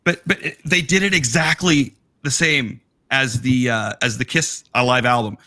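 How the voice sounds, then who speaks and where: A man in casual chat over a video call, his voice going a bit hoarse, rambling excitedly as he shows off his collection. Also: mid-range voice, moderate pace. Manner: excited, rambling, self-interrupting. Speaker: collector showing memorabilia.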